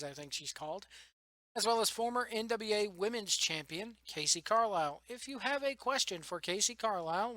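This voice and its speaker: A young man rambling excitedly about wrestling news in a casual vlog, tired late at night and laughing often. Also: high-pitched, no echo. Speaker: wrestling vlogger. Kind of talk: casual solo commentary.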